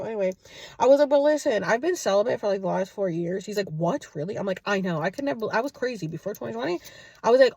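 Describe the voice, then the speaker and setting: A woman in her late thirties, casually telling a story to her followers, animated and chatty, acting out both sides of a conversation. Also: mid-range voice. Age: 30s. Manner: chatty, animated retelling with quoted dialogue. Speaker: vlogger. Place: at home, indoors.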